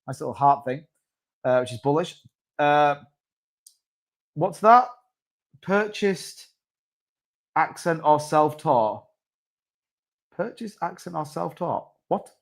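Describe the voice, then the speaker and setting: A man's voice: on the high side, expressive, slow, gravelly, pauses often. A man hosting a casual crypto live stream, rambling and reading out viewer comments.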